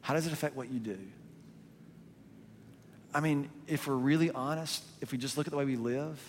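A man preaching a sermon in a conversational, animated way, full of rhetorical questions. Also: medium pitch, moderate pace, big-room sound, slight background noise. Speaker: pastor.

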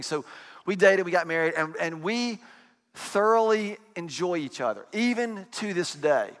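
Male pastor, 40s, bright ringing voice, chatty storytelling sermon, long hall reverb. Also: high voice, lively intonation, normal speed. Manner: chatty, self-deprecating storytelling. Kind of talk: conversational sermon. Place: church sanctuary.

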